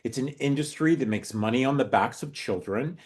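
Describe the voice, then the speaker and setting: A middle-aged man, a guest on an interview podcast, telling his story with lively acted-out dialogue. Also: mid-range voice, brisk, slightly rough. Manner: animated storyteller acting out quoted dialogue. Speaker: guest, nonprofit founder.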